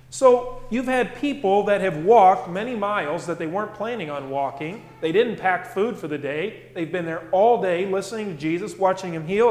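A man with a fairly high voice delivers a sermon to his congregation, talking in a relaxed, conversational way and peppering his points with rhetorical questions. His voice rings through a large room with a long reverb tail, heard in a church hall. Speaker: pastor.

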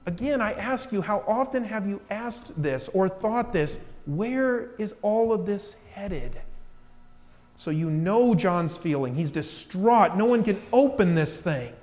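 A man preaching from the pulpit in a fairly high voice, drawing listeners in with rhetorical questions. He drops to near hush for weight, then swells to loud emphasis. His voice trails off in a long church reverb. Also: slow. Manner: animated storytelling with rhetorical questions; swings between hushed and loud emphasis. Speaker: pastor. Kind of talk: sermon.

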